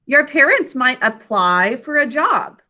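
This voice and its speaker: A woman teacher leads a spelling and grammar lesson over a video call. Her voice sits high and bright. She speaks slowly and clearly, sounding out words and encouraging the class. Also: very animated.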